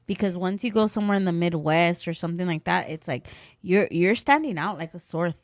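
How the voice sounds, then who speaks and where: A woman's voice: fairly low pitch, a little fast. A woman with a Californian accent, co-hosting a podcast in a chatty, laughing way with bits of Spanish. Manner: chatty, laughs often, slips in Spanish phrases. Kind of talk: casual podcast chat.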